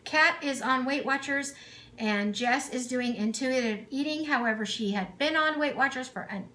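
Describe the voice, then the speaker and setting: Chatting casually to camera from her own kitchen, this middle-aged cooking vlogger rambles along with asides and fillers. Her voice sits high and sounds pushed and bright, at a moderate pace.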